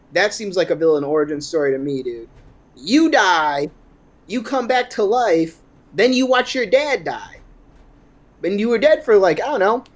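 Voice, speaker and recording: A man giving a rambling, sarcastic, profane movie recap on a podcast. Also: high-pitched. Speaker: podcast co-host.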